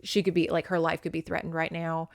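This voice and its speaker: Woman doing a gruff, brooding big man. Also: low-pitched, monotone, fast talker, no room sound, clean studio sound. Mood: mopey. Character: big gruff rough man, insecure and hot-headed.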